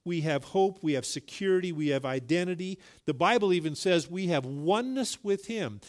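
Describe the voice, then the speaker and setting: A man's voice: high-pitched, animated, normal speed. A middle-aged male pastor preaching a sermon, telling a folksy story and rising emphatically on key points.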